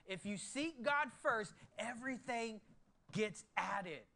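A man in his thirties preaching a sermon to his church, moving from hushed, earnest low tones to excited bursts. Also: slow, vocal fry. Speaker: pastor.

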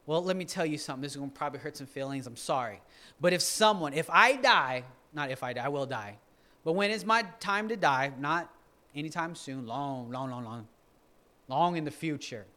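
A man's voice: on the high side, lively intonation, fairly quick, sharp tone. A male pastor preaching in a loose, joking way, often restarting his sentences. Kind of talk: conversational sermon.

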